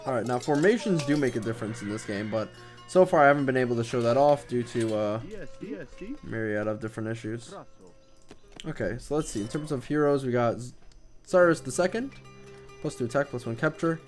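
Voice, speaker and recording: With game music in the background, a man of medium pitch rambles casually and a little quickly as he plays a strategy game, swearing from time to time.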